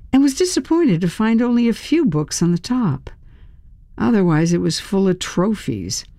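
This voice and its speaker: An audiobook narrator reading a first-person story in an unhurried storytelling manner, acting out the dialogue lines. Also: mid-range voice, mellow, no room sound, studio quality.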